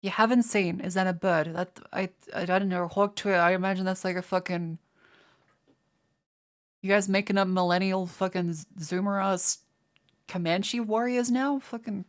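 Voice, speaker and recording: A woman's voice: medium pitch, fairly even intonation, moderate pace. Profane rambling Australian woman streamer. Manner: profane, rambling, stammers and restarts. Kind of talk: casual live-stream chat reading viewer comments.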